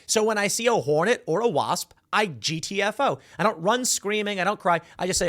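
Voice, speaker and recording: Man, political commentary host, sarcastic, animated delivery, slightly raised pitch, expressive. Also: fairly quick, hardly any pauses. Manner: animated and sarcastic, acting out voices for emphasis.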